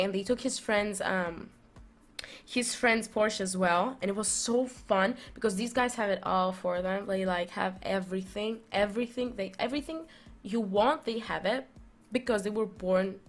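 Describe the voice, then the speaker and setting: A young woman vlogging, telling a story in a rambling, animated way full of fillers and restarts. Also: mid-range voice, normal speed. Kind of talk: casual storytelling.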